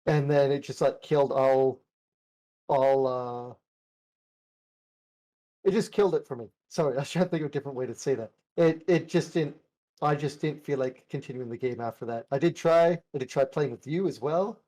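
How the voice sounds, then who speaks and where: A man's voice: mid-range voice, moderate pace, warm tone, poor audio. A man co-hosting a casual gaming podcast, rambling and laughing often as he chats. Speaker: podcast co-host. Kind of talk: casual chat.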